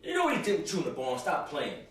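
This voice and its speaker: A man's voice: on the high side, wildly swooping pitch, quick pace. A young man delivering a rambling comic rant to camera, stumbling and repeating himself with constant "you know"s. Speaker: host. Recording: very echoey room, far from mic.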